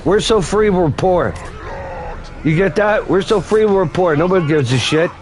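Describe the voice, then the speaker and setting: A man's voice: high voice, lively intonation, normal speed, slight background noise. A man voicing a sarcastic farmer uncle who taunts and scorns in rambling rants. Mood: mocking.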